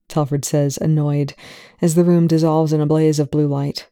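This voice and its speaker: A storyteller narrates at an even, measured pace. The voice is dark and mellow with a gravelly texture, recorded close in a dry space. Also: mid-range voice, no echo. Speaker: audiobook reader. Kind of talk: reading fan fiction aloud.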